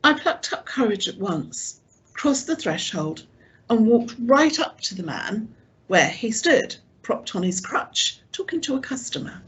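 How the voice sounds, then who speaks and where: Woman audiobook reader, slow, husky, higher voice, lo-fi recording. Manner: slow, lively reading. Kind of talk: audiobook narration.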